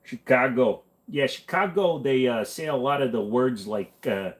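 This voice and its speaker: A man at an ordinary mid pitch, chatting loosely on his livestream. He rambles and trails off, filling gaps with easygoing fillers. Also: a little slow. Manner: rambling, laid-back, many fillers. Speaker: host. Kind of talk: casual livestream chat.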